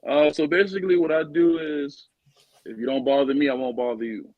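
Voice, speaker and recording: A man's voice: fairly high pitch, steady tone, brisk, dry recording, dull audio. A young man in his twenties chats easily as a guest comedian. He tells stories in a laid-back way and slips into quoted back-and-forth. The sound is dry and close, with no room around it. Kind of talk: casual podcast chat.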